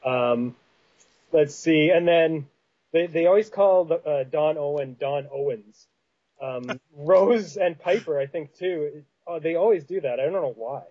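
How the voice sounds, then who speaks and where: A man's voice: fairly high pitch, unhurried. Man, Canadian Prairies accent, casual podcast chat, rambling, muffled lo-fi audio. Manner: rambling, many fillers and restarts. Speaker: podcast host.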